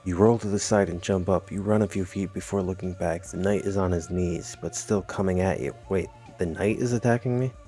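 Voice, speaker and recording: A man's voice: sits low, level tone, a little fast, few pauses, warm tone, soft background music. A man reading a text adventure game aloud, adding wry, amused comments of his own. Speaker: gamer.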